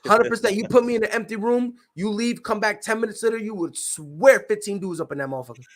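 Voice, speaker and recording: A man hosting a casual sports talk show, rambling and animated, swearing freely with his co-hosts. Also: high voice, fast talker. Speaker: show host.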